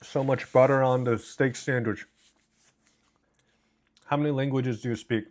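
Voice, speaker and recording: Here the man's medium-pitched voice stays steady, his pace measured and broken by frequent pauses. Indoors at home, he eats during a live stream, chatting loosely and reading the chat aloud into a desk mic that has noise cancellation.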